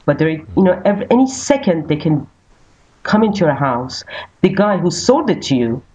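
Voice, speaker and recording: Husky woman from Iran. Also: deep voice, sing-song, mellow, muffled recording. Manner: earnest, halting, with many restarts. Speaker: guest. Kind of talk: casual podcast discussion.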